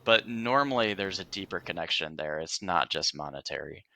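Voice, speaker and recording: Deep bright-toned man in casual interview. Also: lively intonation, normal speed. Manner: earnest, reflective, with many fillers and restarts. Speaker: podcast guest, entrepreneur.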